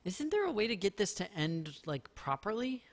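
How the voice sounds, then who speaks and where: Male streamer, slightly high voice, rambling chatter, self-mocking jokes, casual live commentary. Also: sing-song, normal speed. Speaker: game streamer.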